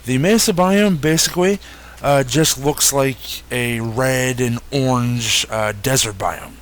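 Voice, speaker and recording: A man's voice: mid-range voice, takes it slowly. A young man casually walking through a game update, talking easily with frequent fillers and self-corrections. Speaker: gaming YouTuber.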